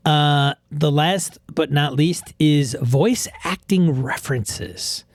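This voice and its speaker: A man's voice: a little high, slow pace, no room sound, clean studio sound. A man hosting a gaming podcast in casual chat, rambling and restarting his sentences as he goes. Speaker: podcast host.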